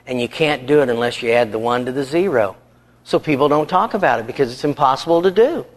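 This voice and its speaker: A man preaching a sermon on marriage, earnest and storytelling, animated in delivery. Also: medium pitch.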